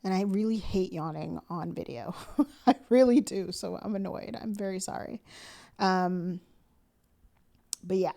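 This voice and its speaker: A young woman chatting to camera for her planner vlog, excited and slangy but sleepy, yawning now and then. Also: on the low side. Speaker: planner vlogger. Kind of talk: casual chat to camera.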